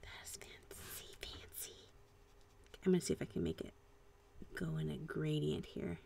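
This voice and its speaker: A woman hosting a casual live stream at home, chatting and musing aloud while she paints, with soft trailing asides. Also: sits low, big pitch swings, a little fast, gravelly, whispered. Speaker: art channel host.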